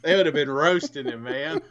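A man's voice: on the high side, huge pitch swings, moderate pace, creaky, a bit bright, dull audio, a little hiss or hum. A man co-hosting a sports podcast, easygoing and laughing often as he chats. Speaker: podcast co-host. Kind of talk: casual sports podcast chat.

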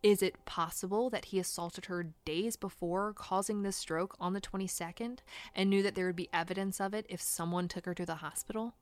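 A woman's voice: mid-range voice, steady tone, brisk, no echo. A woman hosting a true crime podcast, reading a scripted account in a blunt, indignant way and swearing for emphasis.

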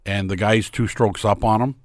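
A man's voice: fairly low pitch, steady tone, normal speed, dry recording, clean studio sound. A man co-hosting a radio sports talk show, joking wryly and telling stories in casual chat. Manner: wry, joking, storytelling asides.

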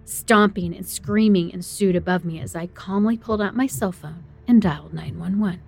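A woman's voice: medium pitch, normal speed, vocal fry, darkish tone, faint music behind. A woman narrating a first-person horror story in a tense, dramatic way.

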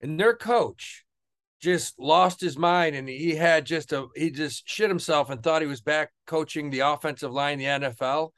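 A man's voice: on the high side, moderate pace, smooth. A man co-hosting a casual podcast, telling profane stories. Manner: profane storytelling, loud acted quotes. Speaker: podcast co-host. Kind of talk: casual crude banter.

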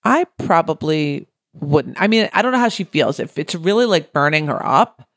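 Woman cohost with a gravelly edge, talks it through out loud, dry close sound. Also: deep voice, very animated, normal speed, dry recording. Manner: thoughtful, asks herself questions. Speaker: podcast co-host. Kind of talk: casual chat.

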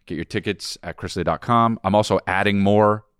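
A man's voice: fairly low pitch, fairly quick, fairly bright tone, smooth, no echo, clean studio sound. A man co-hosting a podcast in casual, teasing banter, rambling and plugging his tour dates. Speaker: podcast co-host and touring comedian.

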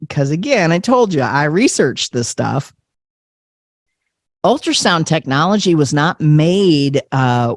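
A man telling a personal story as a podcast guest, animated, laughing often and acting out the voices of people he quotes. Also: fairly high pitch, no echo, clean studio sound. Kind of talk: conversational storytelling.

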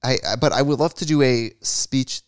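A man co-hosting a casual comedy podcast, campy and jokey, often swooping into silly high voices. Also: normal speed, clear, resonant tone, no room sound, clean studio sound. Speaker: podcast co-host.

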